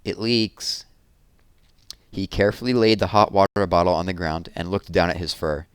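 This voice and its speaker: A man reading a children's picture book aloud in a gentle, unhurried storytelling manner. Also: low voice, clean tone, no room sound. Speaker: storybook reader.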